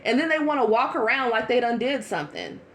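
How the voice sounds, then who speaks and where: A woman giving a casual tarot reading to her viewers, chatty and blunt, with quick asides. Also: a little high, big pitch swings, slight background noise. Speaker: tarot reader.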